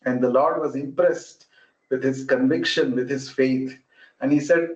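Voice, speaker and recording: A man, a spiritual speaker in an online meeting, telling a devotional story in an unhurried way and acting out each character. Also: mid-range voice, fairly even intonation. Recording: roomy, muffled online call audio.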